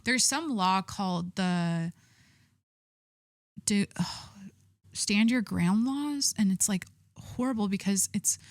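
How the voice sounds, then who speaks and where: A woman's voice: on the low side, dry recording, clean studio sound. A young adult woman hosting a podcast solo, chatting casually in a rambling way full of fillers and frequent swearing. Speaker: podcast host.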